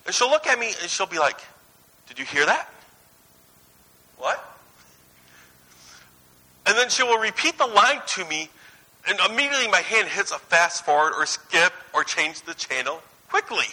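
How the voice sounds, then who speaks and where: Bright, high-voiced male preacher. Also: a little fast, low-quality recording. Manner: conversational, anecdotal, swings between lively and hushed. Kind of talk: sermon.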